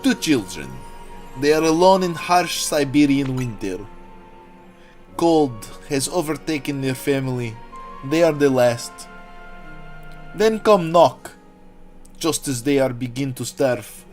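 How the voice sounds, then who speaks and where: A man putting on a Bulgarian accent to play a deadpan Eastern European joke teller who speaks in broken grammar. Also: mid-range voice, slow, pauses often, soft background music. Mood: grave. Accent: put-on Bulgarian accent. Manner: broken grammar, grave storytelling delivery. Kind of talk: acted joke telling.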